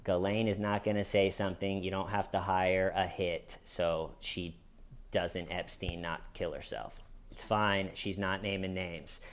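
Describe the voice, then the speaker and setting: Smooth-voiced sarcastic man. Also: deep voice, fairly even intonation, measured pace. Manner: sarcastic, storytelling. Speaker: podcast co-host. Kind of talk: casual chat.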